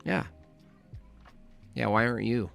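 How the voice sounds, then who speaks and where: A man's voice: mid-range voice, animated, measured pace, creaky, a bit bright, faint music behind. A man hosting a comedic livestream, ranting bluntly and repeating his points for emphasis. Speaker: comedic streamer host. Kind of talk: casual comedic livestream rant.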